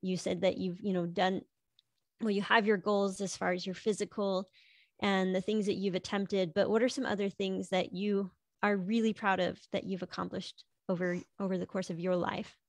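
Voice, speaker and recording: A woman's voice: mid-range voice, little pitch movement, moderate pace, no echo, studio quality. A woman interviewer asking loosely phrased, encouraging questions. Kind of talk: conversational interview.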